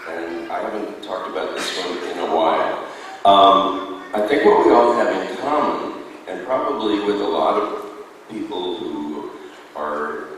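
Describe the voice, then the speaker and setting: A man who acts on stage, speaking in a thoughtful, measured, philosophical way on a convention panel. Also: low-pitched, a little hiss or hum. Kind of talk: reflective convention panel talk. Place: convention hall. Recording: echoey hall from far off.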